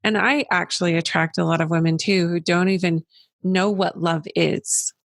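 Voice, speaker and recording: Woman host in her forties, chatty, gravelly voice, dry close sound. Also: lowish voice, steady tone, dry recording. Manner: chatty, laughing, quick asides. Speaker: podcast host. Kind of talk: casual conversational interview.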